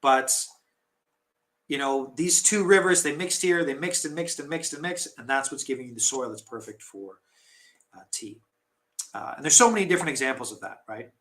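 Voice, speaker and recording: A man's voice: medium pitch, normal speed, fairly bright tone. A man hosting a casual tea live stream, chatting in a rambling, self-deprecating way with many restarts.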